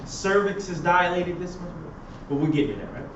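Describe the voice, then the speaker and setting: High-voiced man lecturing a class. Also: animated, a little fast, a crowd in the background. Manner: quizzing students with fill-in questions. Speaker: professor. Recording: roomy, distant, dull classroom recording.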